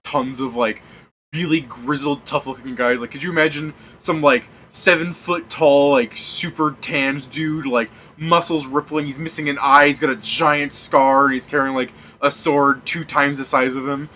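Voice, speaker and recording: Bright-voiced man running a game. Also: medium pitch, steady tone, normal speed, slight background noise. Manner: rambling, many "like" fillers, swears freely. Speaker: game master and streamer. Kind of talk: casual game narration.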